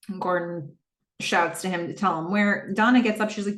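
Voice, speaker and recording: A woman hosting a podcast casually recaps a TV episode, chatting away and acting out the characters' lines. Her voice is medium in pitch, brisk and fairly bright. The room is echoey and the mic sounds distant.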